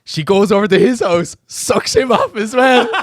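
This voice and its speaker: A man's voice: very high voice, very animated, slow, no room sound, clean studio sound. A young man telling a crude anecdote as a podcast guest, swearing freely in casual chat.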